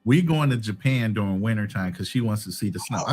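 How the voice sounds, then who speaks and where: A man hosting a casual live chat, bantering in a relaxed, joking way. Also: mid-range voice, a little fast, few pauses, slightly rough, soft background music. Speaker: host.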